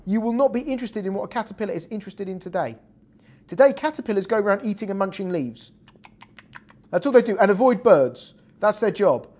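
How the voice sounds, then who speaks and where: A man's voice: high-pitched, darkish tone. A man teaching a Torah class in an explanatory classroom style, checking in with his students as he goes. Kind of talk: classroom lecture.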